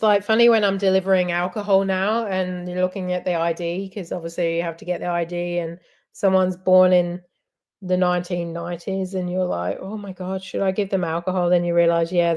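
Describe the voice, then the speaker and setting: A woman's voice: on the low side, level tone, brisk, darkish tone, smooth, lo-fi sound. Giggly chatty woman. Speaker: livestream host. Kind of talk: casual live chat.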